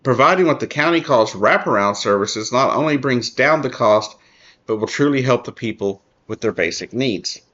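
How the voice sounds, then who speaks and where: Man, mid pitch, earnest commentary host, halting delivery, slightly dull recording. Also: expressive, fairly bright tone. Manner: earnest, halting, many restarts and fillers. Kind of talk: casual commentary reading an article.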